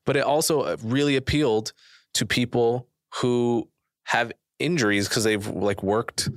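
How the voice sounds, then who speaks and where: A man's voice: sits low, a bit bright, no room sound, studio quality. A man in his twenties, hosting a podcast and talking in an earnest, thoughtful way with frequent restarts. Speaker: podcast host. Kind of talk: casual conversation.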